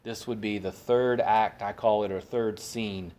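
A man with a somewhat low voice leads a conversational Bible study. He keeps putting questions to his listeners and then answers them himself. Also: fairly even intonation, unhurried, a little mellow. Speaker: Bible teacher.

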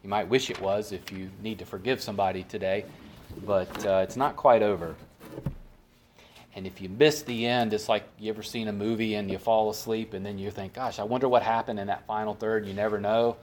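A man with a somewhat low voice leads a conversational Bible study. He keeps putting questions to his listeners and then answers them himself. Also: fairly even intonation, a little fast, a little mellow, a little hiss or hum. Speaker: Bible teacher.

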